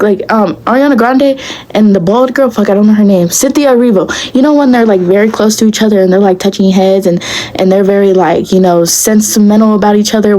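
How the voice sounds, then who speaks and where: A woman's voice: medium pitch, rough recording. Blunt young woman telling a storytime. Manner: blunt, profane, animated storytelling. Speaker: vlogger. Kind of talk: casual storytime vlog.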